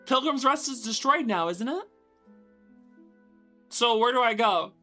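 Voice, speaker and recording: A young adult woman streaming a video game, talking to her chat with loud exasperated outbursts and swearing. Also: a little high, animated, unhurried, soft background music. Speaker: VTuber streamer. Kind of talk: gaming livestream commentary.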